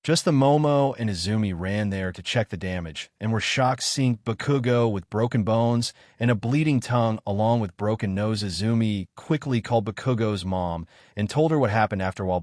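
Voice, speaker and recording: A man with a low voice reads a fan story aloud in a steady, plain narration. The sound is close and dry, with no room around it. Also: no room sound. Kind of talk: fan fiction read-aloud.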